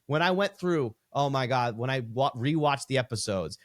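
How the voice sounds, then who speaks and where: A man co-hosting a podcast in casual chat, blunt and profane, ranting with animated energy. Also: medium pitch, moderate pace, dry recording, clean studio sound. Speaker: podcast co-host.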